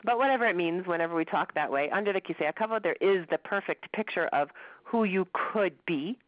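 Woman lecturing, chatty and warm with humor, dull dry audio. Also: fairly low pitch, expressive, a little fast, no room sound. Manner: conversational, with jokes and laughter. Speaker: religion teacher. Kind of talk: class lecture.

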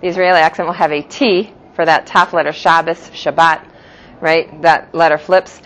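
A woman's lowish, fairly bright voice keeps a steady tone and a fairly quick pace as she lectures a Jewish philosophy class. Each term gets a patient explanation and two pronunciations. The classroom recording is dull and lo-fi.

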